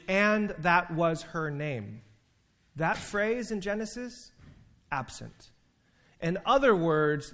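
A man preaching a sermon, telling stories with humor, emphatic pauses and sudden bursts of energy. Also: high voice, a bit bright. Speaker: preacher and teacher.

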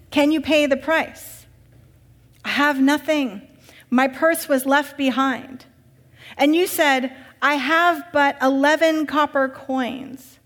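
A woman voicing a rich, anxious male master who talks in urgent, excitable pleas. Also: sits high, long reverb tail, pitched above the performer's own voice.

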